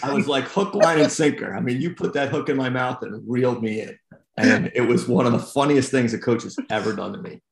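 A man's voice: mid-range voice, a little fast, vocal fry. Rambling male referee in an echoey room. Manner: rambling with restarts, self-mocking. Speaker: basketball referee and podcast host. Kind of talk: casual podcast chat.

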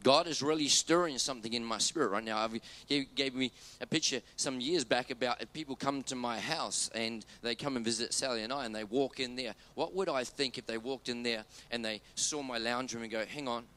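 A man preaching a sermon as pastor, emphatic, repeating key phrases and dropping low and quiet on his main points. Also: fairly quick, hardly any pauses.

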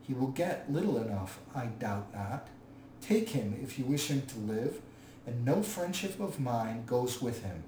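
Man doing a furious proud dwarf king, loud, roomy distant recording, light hiss. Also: mid-range voice, animated, a little slow, natural voice. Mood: cold, bitter. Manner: loud, raging shouts. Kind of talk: audiobook reading.

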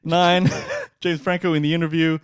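A man co-hosting a casual podcast chat. He talks in an animated, rambling way, with frequent restarts and laughs. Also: fairly high pitch, moderate pace, clean tone, no room sound, studio quality. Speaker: podcast co-host.

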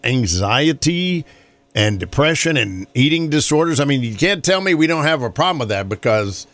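A man's voice: mid-range voice, a bit bright, no room sound. A man from North Carolina hosting a morning radio show, chatting casually in a rambling way and laughing often.

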